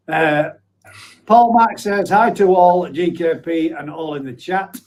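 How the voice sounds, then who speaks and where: A man's voice: fairly high pitch, unhurried, darkish tone, a little hiss or hum, poor audio. A man in his forties hosting a live stream, chatting casually and reading out viewer comments, blunt, with offhand swearing and frequent laughs. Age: 40s.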